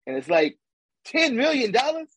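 A man with a high, husky voice rants through casual sports talk and keeps repeating his point. His speech is full of slang. The recording is dry and close. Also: moderate pace, dry recording. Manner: animated, ranting, repeats himself, slangy. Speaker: podcast co-host.

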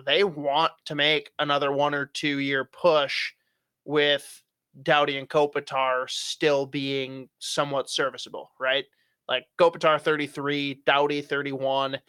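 Young man, bright tense voice, dry close sound, opinionated casual hockey talk, swears freely. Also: a little high, clear, resonant tone, no echo. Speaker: hockey podcast co-host. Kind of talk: casual sports chat.

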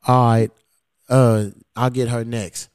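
A man's voice: mid-range voice, slow pace, clear, resonant tone, dry recording, clean studio sound. A man hosting a podcast, telling a story in casual chat, swearing a lot and acting out the exchanges he quotes. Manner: profane, animated retelling of quoted exchanges. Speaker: podcast host.

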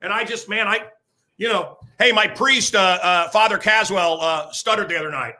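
A man in his sixties, a radio host, ranting loudly and emphatically, rambling and repeating himself, with crude jokes and bursts of shouting. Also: high voice, normal speed. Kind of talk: ranting talk-show monologue.

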